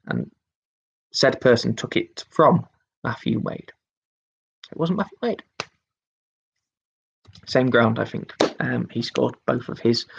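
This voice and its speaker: A man's voice: medium pitch, vocal fry, husky. Male pub quiz host, mid-range voice, repeats each question and chats between them. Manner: reads each question twice, chatty asides. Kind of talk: hosting an online pub quiz.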